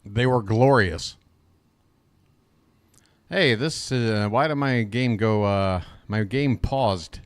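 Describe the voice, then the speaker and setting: A man's voice: on the low side, takes it slowly, long pauses, smooth, dry recording. Rambling crude man streaming baseball. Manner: rambling, crude, self-talking banter. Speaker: livestream baseball commentator. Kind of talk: casual live-stream play-by-play chat.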